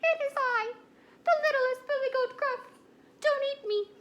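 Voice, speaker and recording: A tiny, timid billy goat from a storybook begs in a very high, squeaky voice, as a woman puts it on. The sound is bright and loud with pleading urgency. It is a small, nervous young creature hoping to be spared. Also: a little slow, slight background noise.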